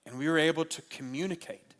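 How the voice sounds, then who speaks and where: A man preaching at a marriage conference, animated and humorous, repeating his key lines for the crowd. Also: a little high, fast talker. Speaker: pastor. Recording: long hall reverb.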